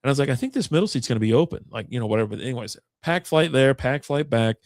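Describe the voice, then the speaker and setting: Co-hosting a relaxed podcast, a man rambles through a long, profane story and acts out people's words. He speaks at a medium pitch, expressive and rapid-fire, with a slightly mellow tone, on a clean studio recording without echo.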